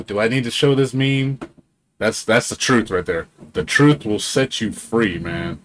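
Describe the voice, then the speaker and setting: Low-voiced guy streaming games, rambling and hyped, swears a lot, bit of hiss in the background. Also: unhurried. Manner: rambling, excitable, swears freely, laughs often. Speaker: game streamer. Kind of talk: casual live-stream chat.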